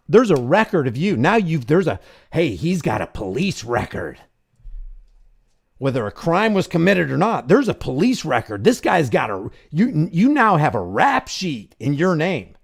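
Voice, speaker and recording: A man with a high, very animated voice hosting a live commentary stream. He talks in an impassioned, preachy way, pressing every point hard. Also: moderate pace, gravelly, few pauses, breathy edge. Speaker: host.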